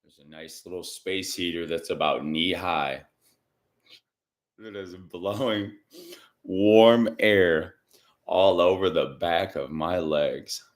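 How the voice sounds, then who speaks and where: A man hosting a casual psychic reading livestream from home, rambling and chatty and often clearing his throat. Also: sits low, takes it slowly. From Michigan. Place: indoors at home.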